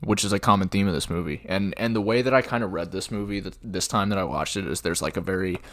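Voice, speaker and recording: A man's voice: low-pitched, quick pace, a bit bright, no echo, studio quality. A man co-hosting a podcast, chatting casually and enthusiastically about a favorite film. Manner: enthusiastic, quotes movie lines with light laughter. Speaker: podcast co-host.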